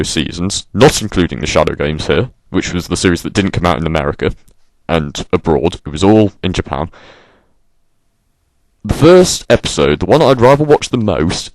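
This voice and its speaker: A man's voice: deep voice, dry recording. A man delivering an exasperated, sarcastic rant and swearing freely. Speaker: vlogger. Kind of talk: ranting monologue.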